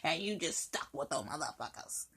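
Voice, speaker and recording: A woman's voice: expressive, normal speed, fairly bright tone, slightly rough. A woman hosting her own show, giving blunt, profane life advice in a sassy monologue and calling the listener honey child. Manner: swings into high whiny mock voices. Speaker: host.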